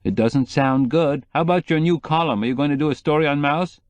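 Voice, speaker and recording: A shrewd older editor who warns his friend bluntly, as a man puts him on. His voice sits a bit above the narrator's normal pitch. The read is dry and close. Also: brisk, dry recording, close to an everyday voice. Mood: wary. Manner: warning, blunt.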